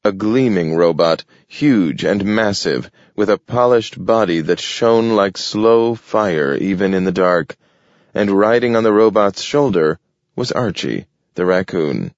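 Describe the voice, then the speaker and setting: Male audiobook narrator, low voice, unhurried and measured, dry and slightly dull sound. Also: lively intonation, no room sound.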